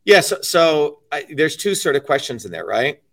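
A man on an interview show speaks bluntly and emphatically, with a fairly high voice. He drives his points home with profanity and sounds a little distant from the microphone. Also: sing-song, moderate pace, creaky, a bit bright. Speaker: interview guest. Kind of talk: casual interview talk.

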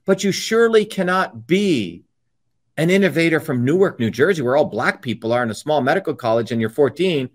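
A man's voice: fairly high pitch, expressive, fairly quick. A man from India delivering an impassioned, combative monologue, hammering his points through repetition. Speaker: speaker giving a political talk.

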